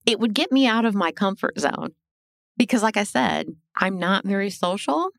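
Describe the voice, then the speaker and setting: A middle-aged woman telling her life story as a podcast guest, animated and blunt, swearing and acting out what people said. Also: medium pitch, normal speed, vocal fry, dry recording. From Illinois. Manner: animated, swearing, acts out quoted dialogue. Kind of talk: casual storytelling interview.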